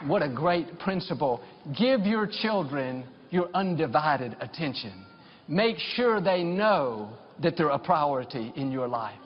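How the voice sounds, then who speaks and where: A middle-aged male pastor delivers a sermon, sharing personal stories and rising to fervent declarations of blessing. His voice is fairly high, expressive, a little slow, with a breathy edge. The recording sounds dull, with long hall reverb.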